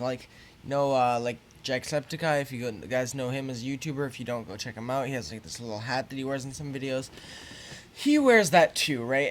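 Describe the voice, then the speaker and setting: A man's voice: fairly high pitch, slight background noise. Rambling, swearing teenage guy vlogger. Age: teens. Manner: rambling, full of fillers and swearing; gets heated and louder when annoyed. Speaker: YouTuber. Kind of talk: casual storytelling to camera.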